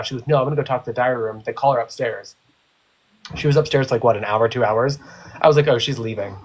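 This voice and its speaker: A young man co-hosting a livestream chat, teasing and telling stories with acted-out quotes over a video call. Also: medium pitch. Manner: animated storyteller, teasing, acts out quotes. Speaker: livestream co-host, former reality show contestant. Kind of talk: casual group chat on a livestream.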